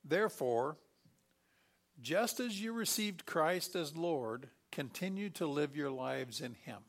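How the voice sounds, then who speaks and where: A man in middle age preaches with animated energy, his voice sitting a little high for a man. He jumps into quoted voices and throws in sudden loud bursts before dropping back to a calm, even preaching tone. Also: slow. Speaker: pastor. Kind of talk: sermon.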